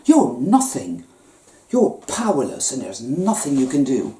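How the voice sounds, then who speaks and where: A woman's voice: rumbling low, wildly swooping pitch, measured pace, warm tone, voice pushed down, exaggerated voice. A woman voicing a cruel inner voice of shame that taunts and belittles. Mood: scornful. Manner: scornful, taunting. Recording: echoey room.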